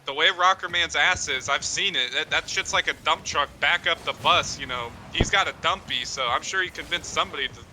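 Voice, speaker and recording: Bright-voiced joking male caster. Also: on the high side, fairly quick, few pauses, a little hiss or hum. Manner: joking, crude banter. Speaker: esports caster. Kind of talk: casual drinking-stream game commentary.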